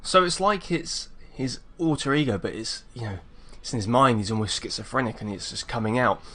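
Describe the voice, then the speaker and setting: A man's voice: mid-range voice, expressive, brisk, sharp tone. A man from England with an English accent, chatting casually as a video reaction host. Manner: laid-back, chatty, meandering.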